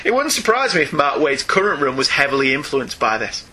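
A man's voice: on the high side, sing-song, brisk, bright, forceful tone, slightly rough. A man co-hosting a casual podcast, reading listener emails aloud with frequent laughs and asides.

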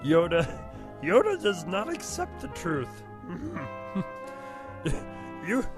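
A man doing Yoda, slow and humming. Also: sits high, huge pitch swings, over music, voice pushed up, full character voice. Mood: sly. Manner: backwards-worded sayings, humming grunts. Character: wise ancient tiny green alien sage.

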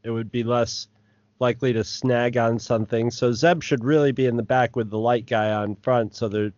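A man's voice: mid-range voice, fairly even intonation, moderate pace, darkish tone, no echo. A man co-hosting a casual podcast chat, joking and sarcastic in tone. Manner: sarcastic, mocking impressions. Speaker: podcast co-host. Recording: dry, lo-fi audio.

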